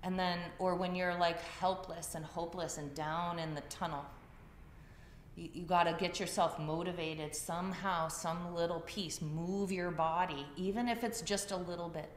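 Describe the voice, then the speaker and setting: A woman's voice: fairly low pitch, fairly even intonation, moderate pace, slight background noise. A woman teaching a yoga class, talking to the group in a conversational storytelling way. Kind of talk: class talk. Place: class room. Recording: echoey room, faint ambience.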